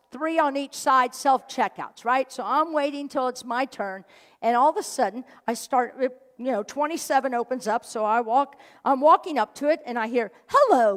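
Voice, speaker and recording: A woman's voice: sits high, a bit bright. A woman minister giving a sermon, telling a story with jokes and acting out the people she quotes. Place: church sanctuary. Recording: hall reverb.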